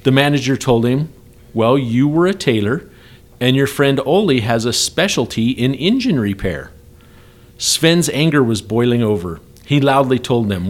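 A man's voice: medium pitch, expressive, moderate pace. Laughing man telling a joke story. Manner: laughs a lot while telling jokes. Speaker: podcast co-host. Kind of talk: casual workplace podcast chat.

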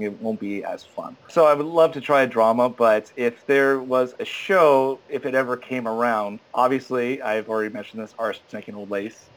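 A young man, a stage actor, talking in a casual interview in a rambling, animated way with many fillers and restarts. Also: mid-range voice, low-quality recording.

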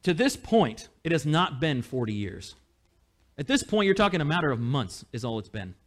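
A man preaching a sermon as pastor, in a conversational, animated way. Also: on the high side, normal speed. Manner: conversational, animated, with small laughs.

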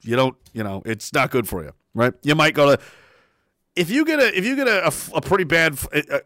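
A man's voice: on the high side, sing-song, brisk, fairly bright tone, dry recording, clean studio sound. A man hosting a livestream, chatting casually and sarcastically while reading out chat messages, laughing often and swearing freely.

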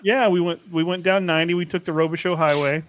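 A man's voice: fairly high pitch, steady tone, fast talker, dry recording. A man co-hosting a podcast, telling rambling stories in casual chat and laughing often. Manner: rambling, laughing storyteller with restarts. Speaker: podcast co-host.

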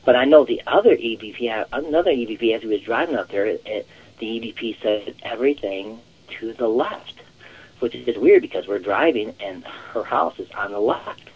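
A man on a muffled, lo-fi line tells his story in a loose, rambling way, stacking up restarts and repeating the same words. His voice sits at a middle pitch with a husky edge. He talks casually, like an interview guest. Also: animated, normal speed. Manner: rambling, repeats "actual" often. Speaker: psychic guest.

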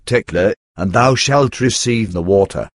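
A man reading the lines of a grave, caring older apostle in measured storybook narration. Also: on the low side, lively intonation, dry recording, clean studio sound. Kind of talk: scripted reading aloud.

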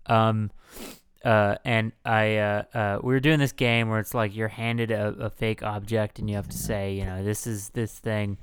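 A young man co-hosting a casual comedy podcast, swearing freely and veering between loud rants and mumbled asides. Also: fairly low pitch, little pitch movement, normal speed, smooth, dry recording, clean studio sound. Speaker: podcast co-host.

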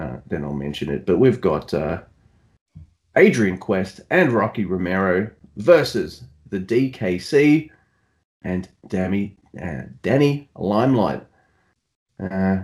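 Rambling Australian man, low and lively. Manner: rambling, joking, self-deprecating. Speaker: podcast co-host. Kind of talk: casual chat.

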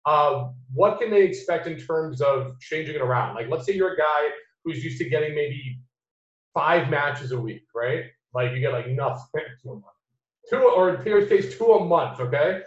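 A man's voice: a little high, expressive, moderate pace. An American man hosting a podcast, chatting casually and bluntly, swearing freely and laughing easily. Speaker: podcast host. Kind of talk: casual chat. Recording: roomy, dull lo-fi sound.

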